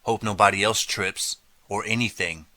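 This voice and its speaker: A man's voice: fairly low pitch, steady tone, moderate pace, sharp tone, no room sound. A man voicing a drunk, sneering teenage boy bully in an audiobook, sarcastic and menacing.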